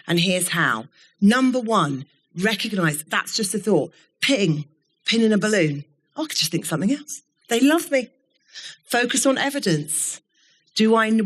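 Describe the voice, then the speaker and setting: A middle-aged woman giving a keynote talk to a live audience, telling stories in a candid, animated way and swearing now and then. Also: mid-range voice. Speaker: keynote speaker. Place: event studio before an audience.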